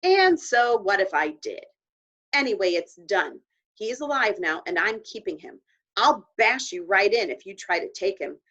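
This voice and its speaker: A woman reading aloud voices a stubborn young boy who yelps and wails in a high, shrill voice. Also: sing-song, unhurried, fairly bright tone. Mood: defiant. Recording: dull lo-fi recording.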